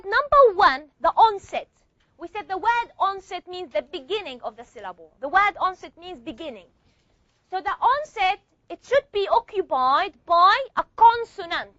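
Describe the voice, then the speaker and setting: A woman's voice: extremely high pitch, pushed and bright, no echo, highs cut off. A woman teaching a phonetics class, explaining step by step and often checking in with her students. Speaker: phonetics lecturer. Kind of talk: classroom lecture.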